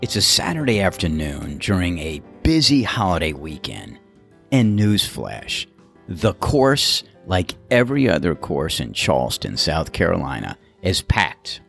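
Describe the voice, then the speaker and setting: Speaking a little slowly in a low, gravelly voice, a man who works as a golf course starter spins a casual yarn and performs the voices of its characters with animation. Faint music plays behind him.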